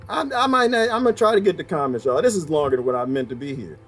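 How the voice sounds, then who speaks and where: A man's voice: a little high, lively intonation, very fast, faint music behind. A man delivering a heated, preachy rant straight to his viewers, firing off rhetorical questions. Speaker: video blogger. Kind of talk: ranting monologue to viewers.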